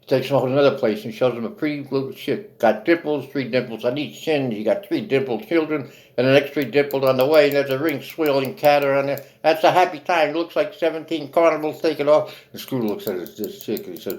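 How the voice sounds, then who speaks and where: A man telling a holiday story in hip jive slang, lively and dramatic. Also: mid-range voice, brisk, low-quality recording.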